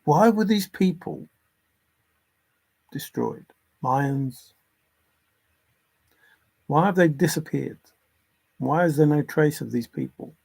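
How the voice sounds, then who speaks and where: A man's voice: a little high, expressive, slow, creaky, pauses often, a little mellow, slightly rough. A man hosting a casual livestream, talking earnestly and insistently about religion and reading viewer comments aloud. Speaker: livestream host.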